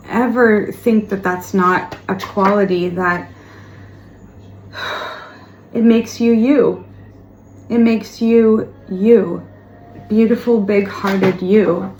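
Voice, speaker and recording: A woman giving a tarot reading straight to the viewer, talking gently and reassuringly and repeating words for emphasis. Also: mid-range voice. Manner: speaks of spiritual guidance. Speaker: tarot reader. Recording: roomy echo, faint background noise.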